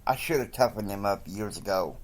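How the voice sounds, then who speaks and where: A man quoting a stern father who brushes off his wife in a gruff, dismissive tone. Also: lowish voice, fairly quick, lightly acted.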